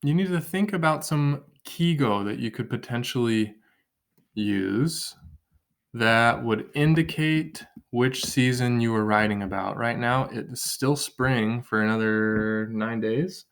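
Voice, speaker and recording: A man's voice: mid-range voice, slow, a bit bright. A man teaching an online writing lesson from his kitchen table, thinking aloud and counting syllables as he drafts.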